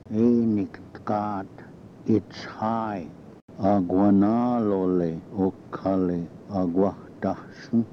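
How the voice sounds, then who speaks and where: A man with a low voice gives a language lesson at a very slow, deliberate pace. He says each phrase twice before translating it. The recording is dull and lo-fi, with a faint rumble behind him. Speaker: language teacher.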